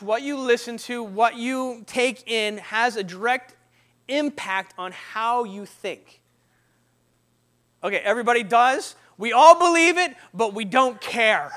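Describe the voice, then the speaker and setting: A preacher in his thirties tells his testimony from the pulpit, joking with his congregation. His voice sits very high for a man and has a bright, forceful edge. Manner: storytelling, animated, jokes with the congregation. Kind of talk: sermon testimony.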